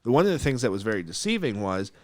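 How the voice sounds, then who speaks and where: A man's voice: on the low side, big pitch swings, fast, dry recording, studio quality. A man hosting a casual podcast, telling a story bluntly and with animation. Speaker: mortgage broker, podcast host.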